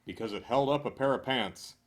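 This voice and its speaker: A man reading a list of corny jokes aloud in a deadpan way, chuckling now and then and making dry asides. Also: medium pitch, a little fast. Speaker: joke reader.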